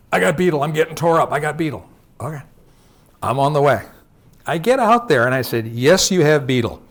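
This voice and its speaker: A man giving a live slide presentation to growers. He talks in a conversational way, tells stories from the field and keeps checking in with "okay?". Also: medium pitch. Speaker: industry presenter.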